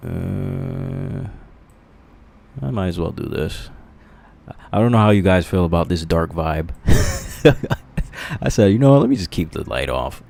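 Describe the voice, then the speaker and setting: A man casually rambling on a livestream, crude and profane, laughing at his own jokes, in a dark candlelit room. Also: deep voice, gravelly. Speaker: streamer.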